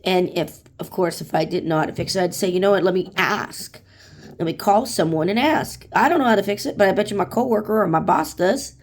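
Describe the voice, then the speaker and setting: A woman's voice: lowish voice, darkish tone. A woman in her late forties venting bluntly in a casual monologue, swearing freely and acting out angry customers. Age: 40s. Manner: blunt and profane, acts out customers in raised voice. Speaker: vlogger.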